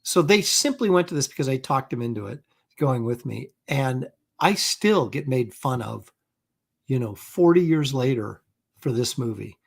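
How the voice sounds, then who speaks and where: A man's voice: medium pitch, expressive, moderate pace, vocal fry. A middle-aged man hosting a live stream, chatting casually in a rambling, self-mocking way with lots of fillers and restarts. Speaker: host of a live comic art stream.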